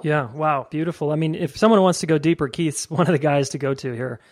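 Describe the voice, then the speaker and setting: A man's voice: fairly high pitch, fast. Casual enthusiastic male podcast host. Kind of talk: interview and wrap-up narration.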